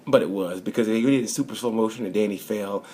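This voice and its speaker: A man's voice: on the low side, quick pace, dark tone, slightly rough. A man casually reviewing a motorcycle race in a rambling, chatty way. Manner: rambling, chatty, full of fillers and restarts. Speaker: motorsport vlogger.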